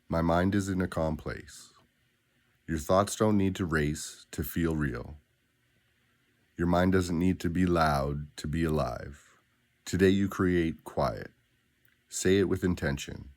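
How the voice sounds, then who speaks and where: A man guiding listeners through spoken daily affirmations, with a slow, deliberate, grounded delivery and pauses between phrases. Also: very deep voice. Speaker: affirmation guide.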